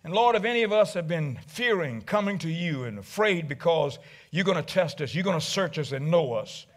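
A male pastor preaching a dramatic sermon, swinging from loud to hushed. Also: on the high side, lively intonation, fairly quick.

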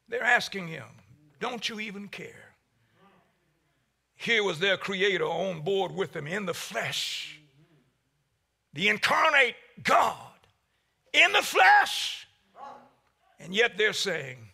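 A man preaching a sermon as pastor, with a preaching cadence that swells to shouts and drops low. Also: big pitch swings, measured pace, creaky, pauses often, breathy edge.

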